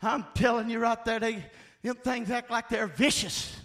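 A man preaching a sermon, emphatic and call-and-response, often shouting his points. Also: very high-pitched, steady tone, moderate pace.

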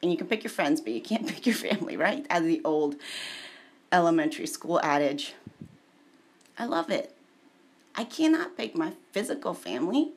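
A woman's voice: fairly low pitch, big pitch swings, moderate pace, pauses often. A woman talking about her faith in an emotional, personal monologue, often dropping into tearful whispers.

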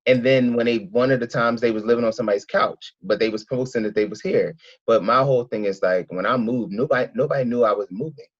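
A fast-talking Philadelphia man with a mid-range voice is an interview guest in casual chat. He tells rambling stories packed with acted-out quotes, and the recording has a dull lo-fi sound.

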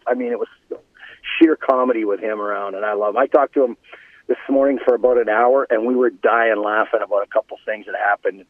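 A middle-aged man, a former hockey player, telling animated anecdotes in casual conversation. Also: mid-range voice, no room sound. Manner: animated anecdotes, laughing, restarts. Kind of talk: casual storytelling. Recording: phone line.

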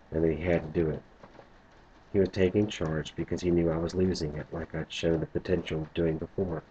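Guy telling a story in first person, dark raspy voice, muffled lo-fi sound. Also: low-pitched, slight background noise. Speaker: narrator.

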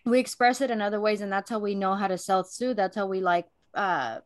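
A woman's voice: mid-range voice, fairly quick, dry recording, clean studio sound. A young woman co-hosting a podcast, chatting candidly, swearing freely and telling stories with energy. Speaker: podcast co-host. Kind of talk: casual chat.

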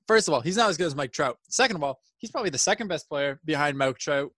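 A man with a slightly high voice rambles through a casual sports chat, leaning on filler words as he goes. His voice sounds dry and close. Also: animated, fast talker, a bit bright, dry recording. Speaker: podcast co-host.

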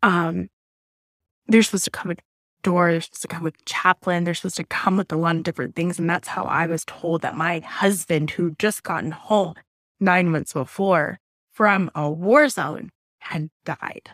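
A woman in her thirties from Southwest Florida, telling a painful personal story in a candid, emotional way, with halting restarts and blunt swearing. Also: fairly low pitch, fairly bright tone, no echo, studio quality. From Southwest Florida, USA. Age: 30s. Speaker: interview guest. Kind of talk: personal storytelling in a podcast interview.

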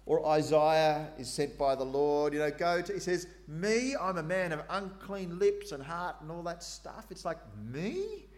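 A man's voice: fairly high pitch, normal speed, few pauses, a little mellow. A man preaching a sermon in a conversational way, acting out the quoted voices with asides. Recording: long hall reverb.

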